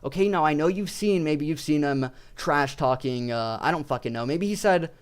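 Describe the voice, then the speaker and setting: A man's voice: a little high, normal speed, clear, resonant tone. A young man ranting casually about his favorite fighters, swearing constantly and rambling. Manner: profane, rambling, excitable. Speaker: video creator.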